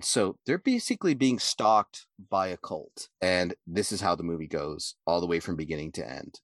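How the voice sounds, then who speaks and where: A low-pitched man holds forth on a podcast in loose, profane, rambling talk. He often jumps into quoted lines in a louder, higher voice. The sound is dry and close, with no room around it. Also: dry recording. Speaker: podcast co-host. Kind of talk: casual podcast chat.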